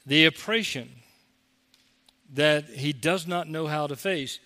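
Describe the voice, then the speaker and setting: Male pastor, conversational sermon, mocks whiners in quoted voices; bright tone, reverberant sanctuary. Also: a little high, slow pace.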